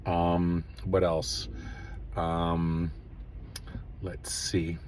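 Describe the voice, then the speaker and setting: A man hosting his own show, giving earnest spiritual self-help advice in a casual way, with many pauses and fillers. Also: deep voice, completely flat delivery, slight background noise. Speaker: host.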